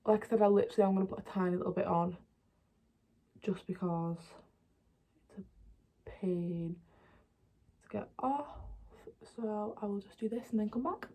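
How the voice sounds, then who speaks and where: A young woman chatting casually and rambling while doing her makeup, pausing as she works. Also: mid-range voice, warm tone, husky. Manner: chatty, rambling, laughs often; talks while applying makeup, often pauses. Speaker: beauty vlogger.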